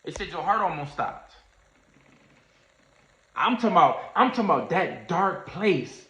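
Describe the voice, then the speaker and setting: A man telling a story in a casual livestream, animated and slangy, acting out what others said. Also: sits high, unhurried. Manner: animated storyteller, acts out quoted voices, Southern US slang. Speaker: trading streamer. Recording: echoey room, dull lo-fi sound.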